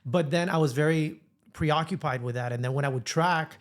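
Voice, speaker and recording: A man with a Spanish accent, co-hosting a casual podcast chat and telling animated stories while mixing Spanish phrases into his English. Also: a little high, normal speed. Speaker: podcast co-host.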